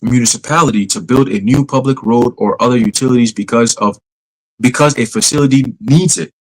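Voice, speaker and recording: A man with a mid-range voice hosts a podcast, reading a news article aloud and tossing in casual, cursing asides. He often stumbles and rereads words. The recording is rough.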